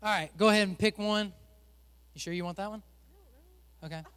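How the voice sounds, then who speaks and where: High-voiced joking pastor, a man. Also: fairly even intonation, fairly quick, fairly bright tone, clean tone, long reverb tail. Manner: joking, chatty, teasing the volunteers. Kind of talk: playful sermon with a stage game. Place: church stage.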